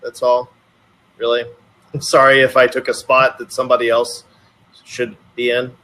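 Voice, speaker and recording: A man's voice: mid-range voice, completely flat delivery, normal speed, sharp tone. A man calling in online, talking casually in a hesitant, apologetic way. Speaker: caller. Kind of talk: casual chat.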